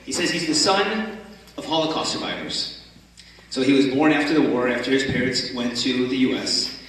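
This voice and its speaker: Guy telling a story at a conference, lively, really echoey hall, mic kinda far off. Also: medium pitch, moderate pace, slight background noise. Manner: animated storyteller, acts out the characters. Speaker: speaker at a religious conference. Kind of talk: storytelling talk.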